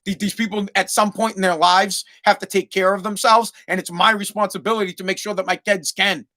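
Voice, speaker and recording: A man's voice: sits high, fairly even intonation, fairly quick, sharp tone. A man hosting a podcast, telling a story in a blunt, heavily profane, casual monologue. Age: adult parent. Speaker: podcast host.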